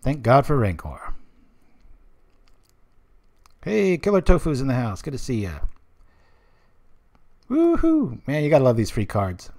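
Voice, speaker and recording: A man's voice: mid-range voice, sing-song, brisk, darkish tone. A man in his thirties streaming a card game live, chatting with viewers and wandering off into rambling asides while he plays. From United States.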